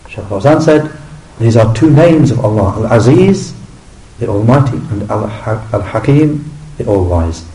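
A man teaching a recorded religious lesson, explaining an Arabic text in measured English and repeating each term with its meaning. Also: lowish voice, expressive, dark tone, reverberant, poor audio. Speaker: teacher translating and explaining a scholar's commentary.

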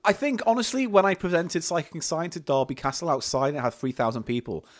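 A man's voice: a little high, quick pace. A man co-hosting a comedy podcast, swearing freely as he tells an anecdote with lots of laughter. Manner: sweary, storytelling, laughs often. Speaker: podcast co-host. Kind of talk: casual comedic chat.

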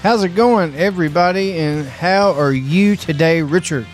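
A man's voice: on the high side, moderate pace, faint music behind. A man co-hosting a podcast, talking bluntly and teasing in casual chat. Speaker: podcast co-host.

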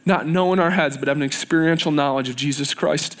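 A man's voice: a little high, fairly quick, fairly bright tone. A man preaching a sermon in a church, earnest and repetitive, building in intensity.

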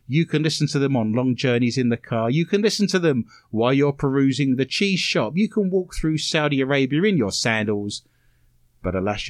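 A man's voice: medium pitch, no echo. A man hosting a comedic radio talk show in a studio, playful and teasing, full of innuendo.

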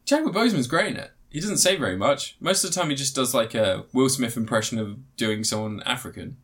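A man's voice: medium pitch, lively intonation, a little fast, fairly bright tone. A man hosting a podcast, tired and yawning, rambling through a film review with lots of fillers, restarts and swearing. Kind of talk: casual chat.

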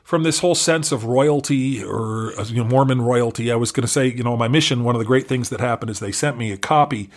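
A man's voice: mid-range voice, fast talker, few pauses. Middle-aged guy yarning away in an interview, laughs a lot, pokes fun at himself. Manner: chatty, laughs often, self-deprecating. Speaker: interview guest. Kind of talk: casual conversational storytelling.

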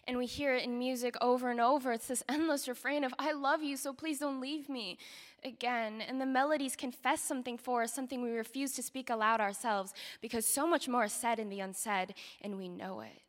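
A woman giving a dramatic spoken-word poetry performance, swinging from loud declarations to hushed whispers. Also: a little high, steady tone, a little fast. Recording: echoey hall.

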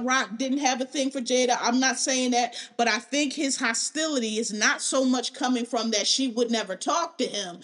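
A woman talks on her podcast with a fairly high voice. She delivers opinions in a blunt, emphatic way, swearing freely as she gets heated. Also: a bit bright. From Philadelphia. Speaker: podcast host.

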